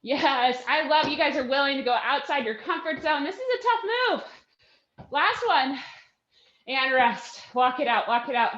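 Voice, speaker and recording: Woman fitness instructor, high voice, winded, upbeat cheering, measured delivery. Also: lively intonation, fairly bright tone, roomy sound, dull audio, slight background noise. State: out of breath. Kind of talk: live workout class coaching.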